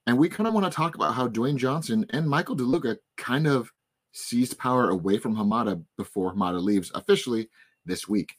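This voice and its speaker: A man in his twenties with a hoarse voice, hosting a podcast in casual chat and telling stories in an animated way. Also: mid-range voice, a little fast. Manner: animated storytelling, frustrated rants. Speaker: podcast host.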